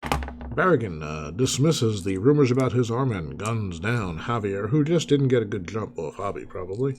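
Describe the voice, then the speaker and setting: A man hosting a tabletop baseball replay, calling each dice roll like a play-by-play announcer, with relaxed, chatty asides. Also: fairly low pitch, normal speed, slight background noise.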